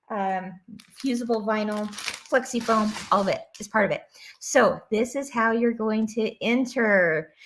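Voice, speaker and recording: A woman's voice: on the high side, fairly bright tone. A woman hosting a live stream, reading viewer comments aloud in an enthusiastic, bubbly way and laughing often. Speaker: host.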